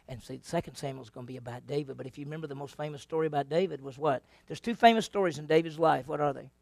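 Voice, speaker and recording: A man's voice: on the high side, gravelly, dry recording. A man teaching a Bible lesson to a class, telling the stories with energy, quizzing his listeners and acting out the voices. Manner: animated storyteller, asks the class questions, acts out voices.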